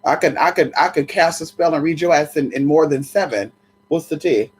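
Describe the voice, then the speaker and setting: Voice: mid-range voice, fairly quick, breathy edge. Sassy, chatty livestream host. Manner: sassy, chatty, greets viewers one by one; swears freely. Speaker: livestream host greeting viewers. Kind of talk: casual live chat.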